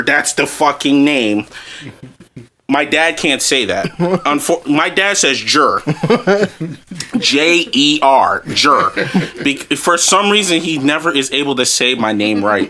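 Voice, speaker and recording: A young man co-hosting a podcast, telling stories in a profane, exasperated, animated way and laughing often. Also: fairly high pitch. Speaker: podcast co-host. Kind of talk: casual storytelling chat.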